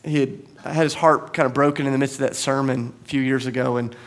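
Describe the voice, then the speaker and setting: A man preaching a sermon as pastor, telling a story earnestly and sometimes dropping to soft, quiet tones. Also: mid-range voice, fairly even intonation, fast talker. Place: church sanctuary.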